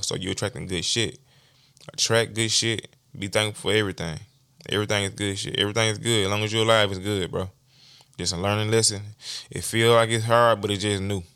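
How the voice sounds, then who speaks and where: A young man rattles through a casual motivational monologue at a quick clip. His voice sits low, and he keeps tossing in slang and "you feel me". The sound is dry, with no room echo. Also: a bit bright. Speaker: podcast host.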